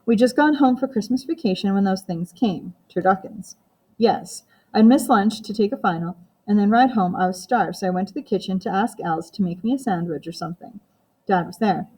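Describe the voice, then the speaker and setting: Lexi, a blunt teenage girl, voiced by a woman reading an audiobook, impatient and sharp-tongued. She talks at a medium pitch in a plain storybook manner. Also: brisk, slightly rough, close to an everyday voice, rough recording. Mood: hesitant.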